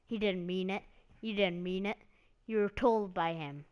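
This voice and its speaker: An angry male wrestler hurling accusations, insistent and loud, put on by a woman in her own smooth voice. The delivery stays close to her everyday speech. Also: mid-range voice, a little slow, close to an everyday voice. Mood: accusing. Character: angry adult male wrestler, shouting demands.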